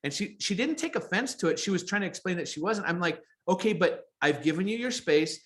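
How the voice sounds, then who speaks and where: A man's voice: sits high, lively intonation, fairly quick. A man co-hosting a podcast, telling a personal story in a chatty way and often repeating his words. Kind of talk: casual podcast chat.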